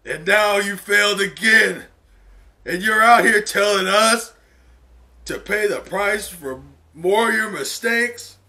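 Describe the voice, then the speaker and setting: A man voicing an angry adult male protester shouting accusations. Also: high voice, slow, pitched above the performer's own voice, full character voice. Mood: scornful.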